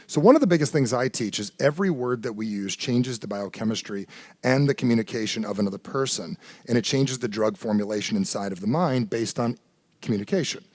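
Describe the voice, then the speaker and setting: A man giving a live motivational seminar talk, animated and blunt, swearing freely and keeps asking the audience questions. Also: medium pitch, fairly quick, dry recording. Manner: animated, blunt and profane, keeps quizzing the crowd. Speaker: motivational speaker.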